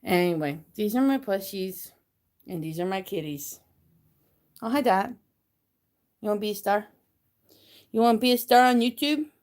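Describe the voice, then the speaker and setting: Hyper rambly woman livestreaming from her bedroom on her phone, mid-pitched voice. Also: normal speed, long pauses. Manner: rambling, gets hyper and excitable. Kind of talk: casual livestream chat. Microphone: phone camera.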